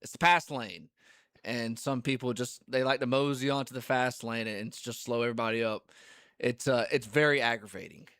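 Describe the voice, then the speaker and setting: A man's voice: mid-range voice, steady tone, normal speed, a bit bright, clear, resonant tone, no echo, clean studio sound. A man co-hosting a sports radio show, complaining in an easygoing, casual way. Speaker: radio co-host.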